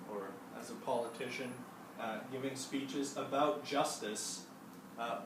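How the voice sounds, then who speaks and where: A young man leading a small study group, talking loosely and casually with many fillers and restarts. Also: mid-range voice. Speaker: discussion leader presenting to a study group. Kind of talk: casual classroom presentation. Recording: echoey room, distant mic, background noise.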